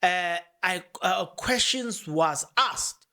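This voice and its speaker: A podcast host gives loose, conversational commentary on a court case. The host talks on without pause, often repeating words and restarting sentences. Now and then the host reads out passages from documents. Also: mid-range voice, lively intonation, a bit bright. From South Africa. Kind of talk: casual commentary on court proceedings.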